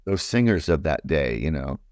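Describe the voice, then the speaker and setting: A man from New York with a deep baritone voice talks about music as an interview guest. He rambles with lots of fillers and enthusiasm. The sound is dry and close. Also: sing-song, normal speed, a little mellow, dry recording. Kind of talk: casual interview chat.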